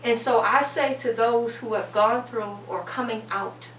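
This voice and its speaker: A woman's voice: on the high side, unhurried, fairly bright tone. A middle-aged woman giving an emphatic, preacher-like testimony as a panel guest, repeating phrases for weight. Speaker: guest, cancer survivor. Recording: echoey room, distant mic, faint hum.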